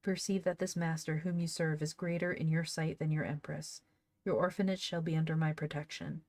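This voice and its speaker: A woman's voice: low voice, flat delivery, fairly quick, a little mellow, dry recording. A woman reading an old storybook aloud, now and then breaking off to laugh and comment on it. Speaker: reader of an old book. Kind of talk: casual read-aloud with asides.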